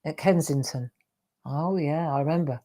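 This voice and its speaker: A woman's voice: low voice, normal speed, mellow. An older woman, a craft show host chatting casually and rambling to viewers during a livestream.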